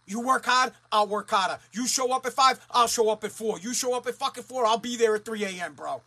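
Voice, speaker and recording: A man's voice: very high voice, a little fast, bright, forceful tone. A man ranting as a talk radio host, blunt, profane and fired up.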